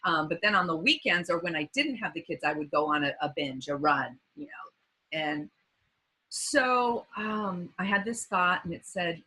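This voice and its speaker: Woman, 50s, podcast guest; bright, breathy voice, halting and heartfelt storytelling. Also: fairly low pitch, animated, low-quality recording. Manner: halting, many fillers and restarts; earnest and emotional. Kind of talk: personal recovery story.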